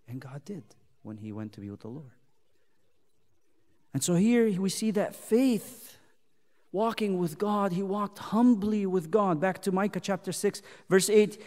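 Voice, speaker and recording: In a church hall with long reverb, a man leads a youth Bible study, chatting casually before voicing scripture with force. His voice is high and a little slow, and he stays animated, speaking God's words emphatically.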